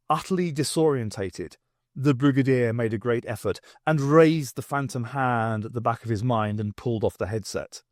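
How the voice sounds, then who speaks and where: A man reading a novel aloud as an audiobook, with expressive storytelling. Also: medium pitch, normal speed, no room sound, clean studio sound. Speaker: audiobook reader.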